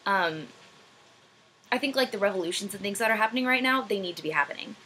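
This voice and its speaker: A woman's voice: medium pitch, lively intonation, quick pace, pushed and bright, slight background noise, poor audio. Hesitant young woman vlogging. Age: young adult. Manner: rambling, self-deprecating, hesitant with many ums. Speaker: vlogger answering viewer questions. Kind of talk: casual chat. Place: room at home, backlit.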